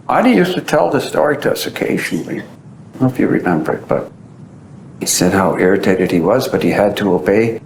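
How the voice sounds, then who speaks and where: A man giving a storytelling talk, acting out the voices of the people he describes. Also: moderate pace. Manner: animated storyteller who acts out quoted voices. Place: at the site being described. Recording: roomy echo with faint low rumble.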